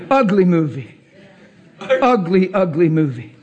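A man preaching a passionate sermon as pastor of his church, swinging from quiet to loud. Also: lo-fi sound. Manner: impassioned preaching with big pitch swings.

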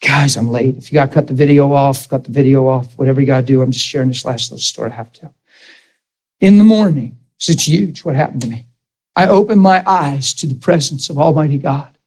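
A man's voice: brisk, breathy edge. A man, a pastor, preaching a sermon and telling a personal story in an earnest, emotional way. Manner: earnest and emotional, swinging to high excited outbursts.

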